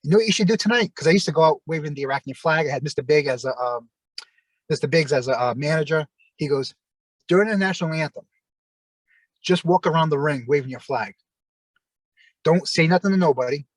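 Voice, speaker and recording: Pitched on the high side, this man talks a little fast and pauses often while telling loose, rambling stories over a video call. A middle-aged ex-pro wrestler, he mimics the voices of those he quotes. The recording is rough but echo-free.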